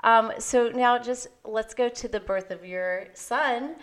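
A woman hosting a casual conversation, gentle and affirming as she recalls a birth she attended. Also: a little high, slow pace. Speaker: host, birth doula. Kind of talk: casual podcast chat.

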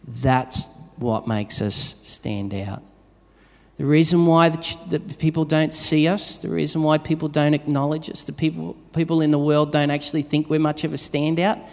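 A man's voice: a little high, normal speed. Preaching man in an echoey hall. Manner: conversational preaching with everyday stories. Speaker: pastor. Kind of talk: sermon. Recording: long reverb of a large hall.

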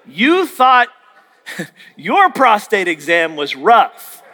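A man delivers a sermon in a bright, ringing voice that sits high and swings widely in pitch. He tells stories and acts out the dialogue with jokey asides. His words carry a long reverb from a large hall. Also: wildly swooping pitch, drawn-out words. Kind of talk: sermon with storytelling.

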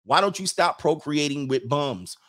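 A man's voice: on the high side, expressive, normal speed, fairly bright tone. A man hosting an opinionated commentary video, reacting to viewer comments in a blunt, mocking and slangy way.

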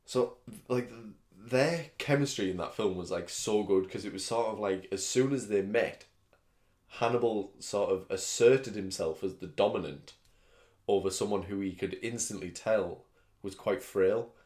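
Laid-back man, low voice, echoey room. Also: normal speed, darkish tone. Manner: rambling, laughs often, slips into silly voices. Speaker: podcast co-host. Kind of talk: casual chat. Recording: roomy echo.

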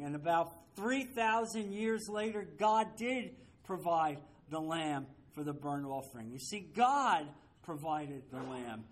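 A man with a notably high-pitched voice teaches a Bible study. He is emphatic, repeats his key points and keeps asking rhetorical questions, with the odd wry aside. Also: sing-song, a little slow, few pauses.

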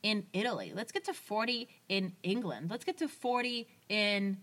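A woman's voice: mid-range voice, expressive, a bit bright. A woman co-hosting a podcast, reading a listener's story aloud and chatting in a bubbly, playful way. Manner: bubbly, playful, quick to laugh. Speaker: podcast co-host.

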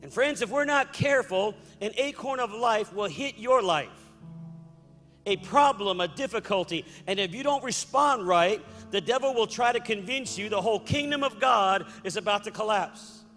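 High-pitched fervent preaching man. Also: lively intonation, normal speed, in a large hall, faint music behind. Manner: fervent preaching, rising to shouts. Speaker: pastor. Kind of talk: sermon.

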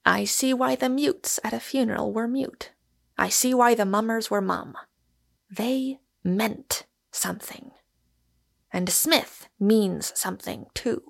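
Woman voicing a reflective witty gentleman, lecturing tone, gravelly, storybook. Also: a little high, takes it slowly, full character voice. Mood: musing. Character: musing, witty gentleman explaining a theory.

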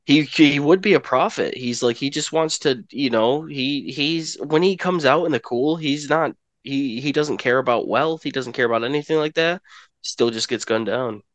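A man's voice: mid-range voice, normal speed, dry recording. A man co-hosting a podcast, rambling through an album breakdown with lots of "like" and restarts. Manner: rambling, many likes and restarts, gets excited. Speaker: podcast co-host. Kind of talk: casual album discussion.

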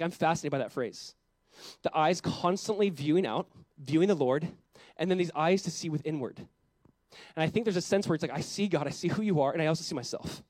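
A male pastor preaching a sermon in an animated way, asking the congregation questions and dropping to a soft voice on quiet points. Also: fairly high pitch, no room sound. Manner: drops to a soft, quiet voice on reflective lines.

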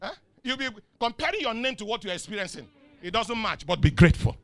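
A middle-aged man with a Nigerian accent preaching a sermon in call-and-response style. He swings from soft asides to shouts and chuckles often. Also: high-pitched, expressive, fast. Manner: chuckles often mid-sentence. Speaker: pastor.

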